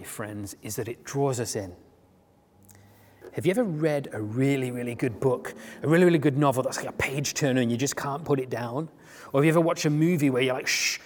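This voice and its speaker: A male preacher talks through a story in a loose, conversational sermon, stopping and restarting as he goes. His voice sits at an ordinary pitch. A long reverb trails after each phrase, as in a big hall. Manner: conversational, animated retelling with frequent restarts.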